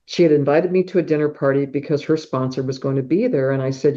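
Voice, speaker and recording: Middle-aged woman, mellow voice, animated storyteller. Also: low-pitched, fast talker. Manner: animated storyteller who acts out sounds like whooshes and claps. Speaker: podcast guest. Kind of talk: personal storytelling in an interview. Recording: dull, muffled podcast audio.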